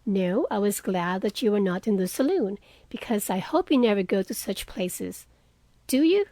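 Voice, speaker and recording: A woman's voice: mid-range voice, lively intonation, moderate pace, mellow, dry recording, lightly acted. A woman voicing a frank, spirited young woman in an audiobook reading, earnest and outspoken.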